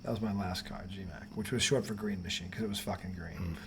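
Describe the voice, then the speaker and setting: A man co-hosting a casual sports talk show, jokey and quick to laugh, swearing now and then. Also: low voice, fairly even intonation, fairly bright tone, slight background noise. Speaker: podcast co-host.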